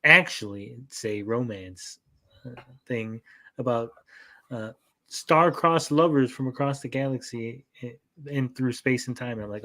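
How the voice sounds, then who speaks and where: A man and parent, a podcast co-host, telling stories in casual chat, animated and full of swearing. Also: medium pitch, measured pace. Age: adult parent. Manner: profane, animated storytelling.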